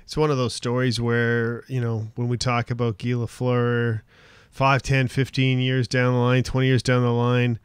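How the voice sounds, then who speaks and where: A man's voice: mid-range voice, completely flat delivery, moderate pace, clear, resonant tone, dry recording. A man co-hosting a casual studio morning show, easygoing and agreeable. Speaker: co-host.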